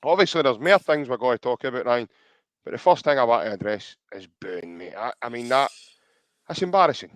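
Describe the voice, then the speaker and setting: A man's voice: medium pitch, animated, brisk, no room sound. A man with a Scottish accent hosting a podcast in casual chat, reading out viewer comments and calling his co-host mate. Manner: chatty, calls co-host mate.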